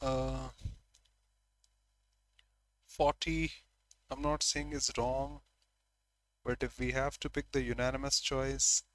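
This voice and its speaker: A man teaching an online exam-prep lesson, calling on students by name and acting out examples in a lively way. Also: medium pitch, slow, pauses often, dry recording.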